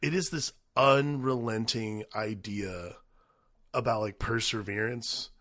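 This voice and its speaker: A man's voice: on the low side, slow pace, fairly bright tone, dry recording, clean studio sound. A man co-hosting a movie podcast, dropping wry, jokey comments into the chat. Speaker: podcast co-host. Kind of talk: casual movie-review chat.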